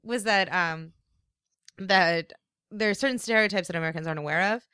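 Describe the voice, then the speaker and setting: A woman's voice: on the low side, brisk, clean tone, dry recording, studio quality. A woman co-hosting a podcast, telling stories in casual chat with lots of filler words. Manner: storytelling, animated, many fillers. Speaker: podcast co-host.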